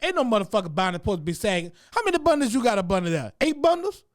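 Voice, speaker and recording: A man, a comedy show host, delivering a profane, animated comic rant about what he has seen around town. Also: high voice, racing.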